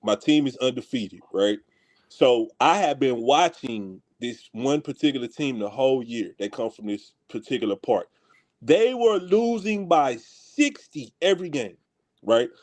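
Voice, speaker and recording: A man from Houston telling a story in casual talk with friends, animated and slangy, laughing as he goes. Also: mid-range voice, a little slow. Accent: Houston, Texas. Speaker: podcast co-host.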